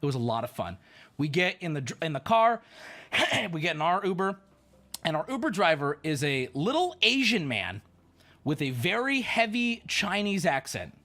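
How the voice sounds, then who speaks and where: Animated man telling a wild story. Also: on the high side, moderate pace. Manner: animated, exclamatory, swears. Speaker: streamer. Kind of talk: casual storytelling.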